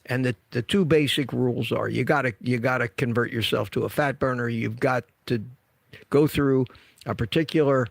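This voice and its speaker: A man's voice: medium pitch, moderate pace, gravelly, no room sound. A man in his seventies who hosts a health channel, giving direct, emphatic, somewhat repetitive advice in casual livestream talk. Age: 70s.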